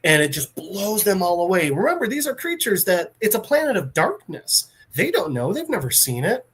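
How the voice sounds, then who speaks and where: A man hosting a podcast, casually recapping a comic in an animated storytelling way, full of fillers. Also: high voice, normal speed, slight background noise. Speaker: podcast host.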